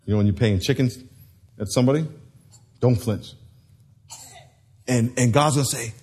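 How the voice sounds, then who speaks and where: A man's voice: medium pitch, moderate pace, pauses often, darkish tone, slightly rough. A man preaching a sermon to a congregation, telling stories, acting out voices and laughing. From United States.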